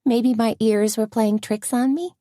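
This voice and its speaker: A woman's voice: a little high, fairly even intonation, measured pace, dark tone, dry recording, studio quality, pitched above the performer's own voice, close to an everyday voice. A woman voicing a nervous, easily spooked young woman friend in an audiobook, talking in urgent, breathless bursts. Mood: frightened. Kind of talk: audiobook character voice.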